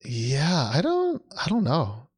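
A young man co-hosting a casual chat, animated and rambling, laughing often and restarting his sentences. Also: on the high side, takes it slowly, slight background noise. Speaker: podcast co-host.

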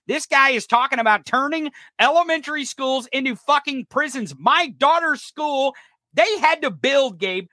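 Middle-aged male podcast host, sarcastic profane ranter, high bright voice. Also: animated, normal speed, no echo, studio quality. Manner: angry, swearing, sarcastic. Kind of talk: profane political rant.

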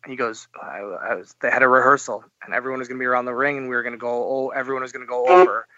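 A man's voice: medium pitch, steady tone, rapid-fire, pushed and bright, no room sound, highs cut off. A man as a podcast guest, telling a story animatedly and acting out the dialogue. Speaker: interview guest. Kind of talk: podcast interview.

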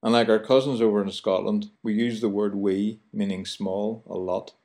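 Belfast man, lowish voice, hosting a chatty radio show with playful mimicry. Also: fairly even intonation, moderate pace, darkish tone. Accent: Belfast, Northern Ireland. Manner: playful, mimics local phrases. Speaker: radio host.

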